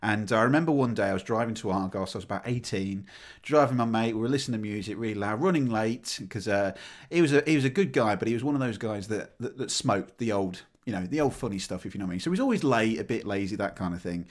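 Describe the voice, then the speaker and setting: A man on a podcast telling a story with lots of energy, laughing and swearing as he gets excited. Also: lowish voice, fast talker. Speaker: podcast co-host. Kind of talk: casual storytelling chat.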